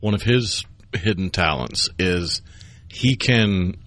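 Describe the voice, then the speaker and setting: A man's voice: low voice, animated, slow, fairly bright tone, no room sound. A man co-hosting a radio talk show who explains facts in a trivia-minded way. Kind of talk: casual studio chat. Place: radio studio. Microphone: studio microphone.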